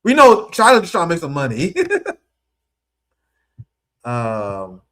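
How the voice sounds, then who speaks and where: A man's voice: on the high side, huge pitch swings, slow pace, fairly bright tone. A man from the American Midwest giving emotional, exasperated live political commentary on his stream, swearing casually and near tears.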